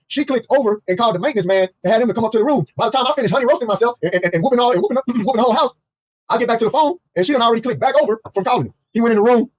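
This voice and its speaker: Rapid-fire husky man telling a story. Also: very high voice. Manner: animated, profane, heavily repetitive. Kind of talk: casual comedic storytime.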